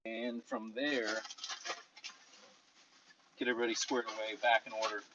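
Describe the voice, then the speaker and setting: A man's voice: fairly low pitch, level tone, normal speed, dull audio, noisy background. A man live-streaming from inside a car, chatting loosely and jokingly while reading out viewer comments. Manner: loose and joking, drifts between topics.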